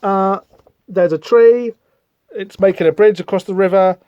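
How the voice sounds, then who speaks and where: A man's voice: sits high, measured pace, dark tone, smooth, dry recording, muffled recording. A man hosting a podcast, chatting casually through a comic book with rambling, wry asides. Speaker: podcast host.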